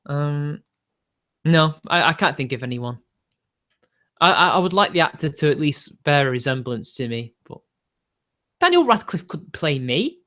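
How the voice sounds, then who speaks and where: A man rambles through viewer questions on a casual livestream. His voice sits a little higher than most men's, and he laughs often between his blunt, opinionated remarks. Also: sing-song, unhurried, long pauses, sharp tone. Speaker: streamer.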